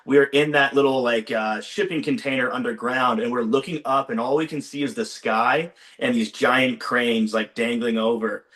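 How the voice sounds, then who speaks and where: A young man, a former game show contestant, chatting on a video call and excitedly retelling his experience with lots of "like.". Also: mid-range voice, moderate pace, few pauses. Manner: excitable storyteller, heavy use of "like". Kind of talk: casual chat on a video call. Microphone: video call microphone.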